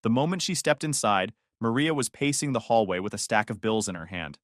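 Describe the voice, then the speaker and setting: A man's voice: lowish voice, brisk, no echo, clean studio sound. Matter-of-fact man narrating a story. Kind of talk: scripted first-person story narration.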